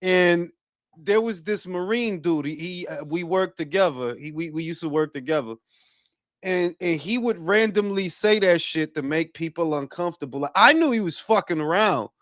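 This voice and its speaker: A man who hosts a boxing talk livestream, chatting casually and profanely and giving shout-outs to his chat. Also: sits high, lively intonation, normal speed, no echo, clean studio sound. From Dominican heritage. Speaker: boxing talk show host.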